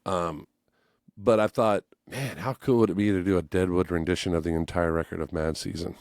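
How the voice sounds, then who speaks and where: Lively storytelling musician, low voice. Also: male voice, brisk, no echo, studio quality. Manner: animated, acts out voices in his stories, swears freely. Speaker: podcast guest, musician. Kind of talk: casual storytelling chat.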